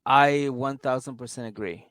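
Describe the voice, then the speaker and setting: A man with a New York accent, co-hosting a podcast and recapping a reality show, laid-back and quick to react. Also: medium pitch, steady tone, fairly bright tone, smooth, no echo, rough recording. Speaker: podcast co-host.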